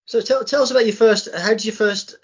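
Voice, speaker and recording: A man hosting an interview, asking quick rambling questions and laughing along. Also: high voice, steady tone, dull audio. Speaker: podcast host. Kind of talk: casual interview chat.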